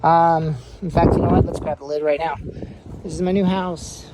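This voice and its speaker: A woman's voice: lowish voice, fairly even intonation, moderate pace. Woman, casual storytelling vlog, rambling with fillers, indoor home room, faint room hum. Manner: rambling, repeats herself, many fillers. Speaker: aquarium hobby vlogger.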